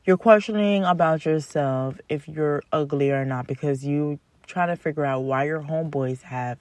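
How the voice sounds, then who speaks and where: A woman's voice: sits low, a little mellow. A young woman hosting a podcast, telling dating stories in a blunt, exasperated, profane casual rant. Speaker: podcast host.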